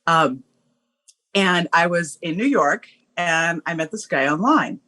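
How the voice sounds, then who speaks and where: A woman guest telling a story in a casual, animated way, laughing often and using lots of fillers. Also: fairly low pitch, slow.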